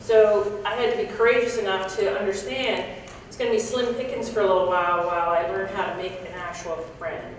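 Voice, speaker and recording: A woman's voice: mid-range voice, fairly even intonation, brisk, a little hiss or hum. Woman speaking in an echoey hall. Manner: frank and reflective, with small laughs and restarts. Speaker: conference speaker. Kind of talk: candid talk to an audience. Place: large conference hall. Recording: echoey hall, picked up from a distance.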